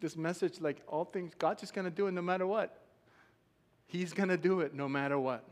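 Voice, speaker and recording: A pastor delivers his sermon in a church, his somewhat high voice ringing through a long hall reverb. He tells stories with animated acted-out quotes and laughs often as he talks. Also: a little fast. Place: church sanctuary.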